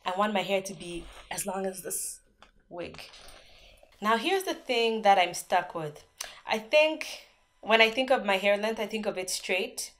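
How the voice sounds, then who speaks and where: A woman's voice: medium pitch, lively intonation, a little slow, a bit bright. A young woman from Zambia chatting on camera in a casual Q&A vlog, telling stories with lots of "like" fillers. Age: young adult. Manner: chatty storytelling, many "like" fillers. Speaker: vlogger.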